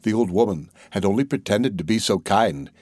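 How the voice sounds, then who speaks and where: A man's voice: on the low side, lively intonation, brisk, a little mellow, no room sound. Man reading a fairy tale aloud. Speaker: narrator. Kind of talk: storybook reading.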